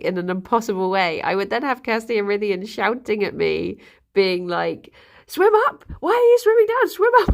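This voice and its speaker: Slow, gravelly woman streamer. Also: lowish voice. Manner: chatty and giggly, rambling with fillers. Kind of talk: casual live-stream chat.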